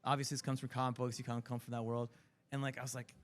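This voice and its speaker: A middle-aged comic book writer guests on a casual interview from a TV set on a convention floor. His mid-range voice comes out rapid-fire as he tells animated stories, acts out quotes, and laughs often.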